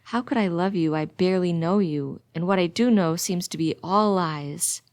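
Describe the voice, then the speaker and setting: Woman reader playing a disgusted man calling it quits, low gravelly tone, firm and blunt. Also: normal speed, darkish tone, dry recording, studio quality, lightly acted. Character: troubled man ending a relationship.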